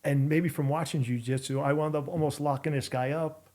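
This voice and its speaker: A man in his fifties, a podcast guest telling a rambling, animated story in casual conversation. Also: fairly high pitch, brisk. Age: 50s. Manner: animated, rambling storyteller who acts out quotes.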